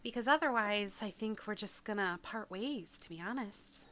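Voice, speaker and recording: A woman's voice: medium pitch, normal speed, bright, forceful tone. A woman playing a tabletop game, chatting casually and playfully, laughing often. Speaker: player. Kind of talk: casual tabletop play with in-character dialogue.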